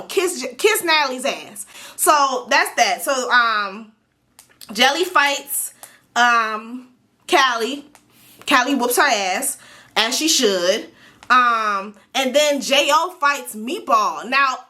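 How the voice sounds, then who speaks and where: A woman recapping a reality show episode in a blunt, slangy, animated way, talking straight to her viewers. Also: sits high. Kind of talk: casual recap commentary.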